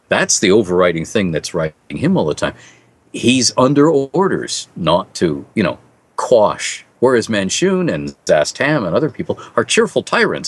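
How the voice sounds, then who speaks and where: Lively low-voiced middle-aged man. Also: moderate pace, husky. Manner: animated storyteller, lively and chuckling. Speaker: fantasy author interviewed as guest. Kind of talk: casual interview answers.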